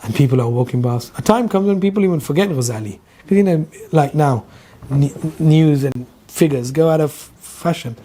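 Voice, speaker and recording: A man teaching a religious lesson as a lively storyteller who acts out each character's lines. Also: a little high, normal speed. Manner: animated storyteller, acts out dialogue, laughs often. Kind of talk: storytelling lecture.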